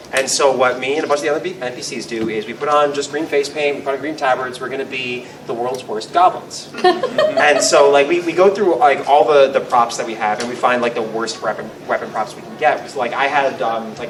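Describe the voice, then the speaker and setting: A man on a convention panel, telling a funny role-play story in a casual, animated way. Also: reverberant, distant mic, poor audio. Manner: animated, laughing, squeaky voice bursts.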